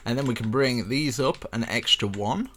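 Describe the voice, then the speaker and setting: A man's voice: mid-range voice, moderate pace, pushed and bright, slight background noise. A young man casually walking viewers through a building tutorial step by step, chatty and rambling with self-mocking asides.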